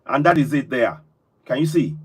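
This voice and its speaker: A man's voice: mid-range voice, lively intonation, normal speed, a little hiss or hum. A man hosting a live call-in stream, effusive and full of repeated thanks. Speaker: host.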